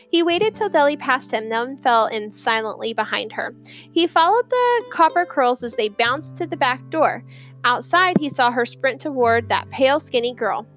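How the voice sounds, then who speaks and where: Woman, audiobook narration, expressive storytelling, slightly muffled sound. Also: sits high. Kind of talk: scripted narration.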